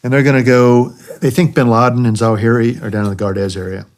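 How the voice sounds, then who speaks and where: A middle-aged American, a retired army helicopter pilot, casually spins war stories in conversation with a quick, mid-range voice. Relaxed, he keeps tagging his points with a questioning "right?".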